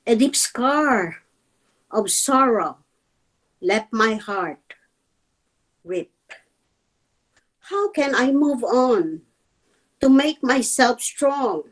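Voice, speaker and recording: Very slow, emotional woman poet. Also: on the high side, expressive, poor audio. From Dover, Delaware. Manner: slow, halting, emotional delivery. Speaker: poet at an open mic. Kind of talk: emotional poetry reading. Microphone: video call.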